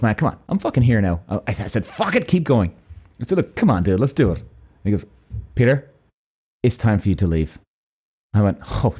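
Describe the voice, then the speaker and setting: An Irish man telling a personal story in a loose, swearing, animated way, acting out both sides of each conversation. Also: on the low side, husky. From Ireland. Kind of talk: casual storytelling.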